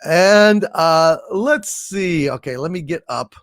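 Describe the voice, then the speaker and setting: Guy hosting a live stream, bit high voiced, gushing thanks at donors, dry close sound. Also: expressive, slow, a bit bright, no echo. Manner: effusive, thanks donors with grand hails, hums little fanfares. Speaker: livestream host. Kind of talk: casual live-stream chat reading viewer messages.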